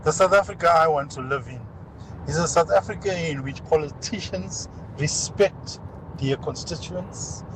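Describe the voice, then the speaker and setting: A man's voice: a little high, normal speed. Firm male caller with traffic noise. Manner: firm, emphatic. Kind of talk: call-in comment.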